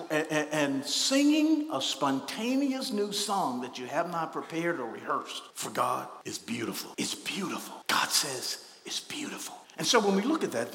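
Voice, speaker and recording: Man preaching, kinda high voice, shouts praise then goes soft, big echoey church sound. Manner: swings from soft teaching to shouted, spontaneous praise; laughs often and calls out to the congregation. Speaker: pastor. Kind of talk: sermon. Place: church sanctuary. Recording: echoey hall, long reverb.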